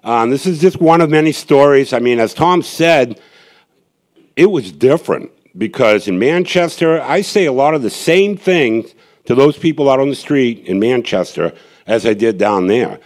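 A man's voice: medium pitch, expressive, moderate pace, darkish tone. A man, a street evangelist, telling a gathering his testimony in a rambling, earnest way, with many restarts and asides.

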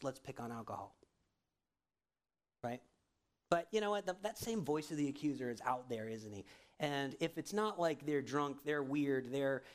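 A man preaching a sermon in a casual, conversational way, often checking in with the congregation. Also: fairly high pitch. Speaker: pastor.

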